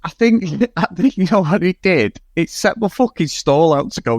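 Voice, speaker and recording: A man's voice: sits high, lively intonation, normal speed, dry recording, clean studio sound. A man with a Mancunian accent co-hosting a podcast, chatting casually and rambling with lots of swearing. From Manchester, England. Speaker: podcast co-host. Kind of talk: casual film review chat.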